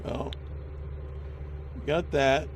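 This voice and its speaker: A man's voice: on the high side, steady tone, extremely slow. A man streaming a point-and-click game, reading its lines aloud in a playful way. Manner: playful, voices each character. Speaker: let's play streamer. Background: game music.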